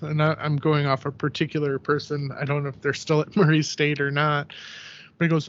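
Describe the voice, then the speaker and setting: A man's voice: fairly high pitch, fairly quick. A man guesting on a podcast, telling stories in a loose, chatty way. His voice sits a little above the usual male range, and he slips into the voices of the people he quotes. The sound is dull and lo-fi. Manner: animated storyteller who acts out quoted voices, heavy use of "like". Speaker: podcast guest, ceramic artist. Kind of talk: casual podcast conversation.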